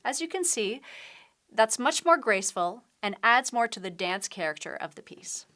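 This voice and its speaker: Lively-voiced woman teaching piano. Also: on the high side, normal speed. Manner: patient, explains step by step while demonstrating at the piano. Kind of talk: piano tutorial instruction. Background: piano playing.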